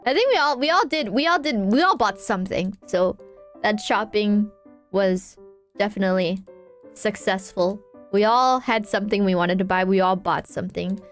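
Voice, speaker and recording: A woman's voice: medium pitch, moderate pace, soft background music. A woman streamer chatting casually, telling a rambling, giggly story with many restarts.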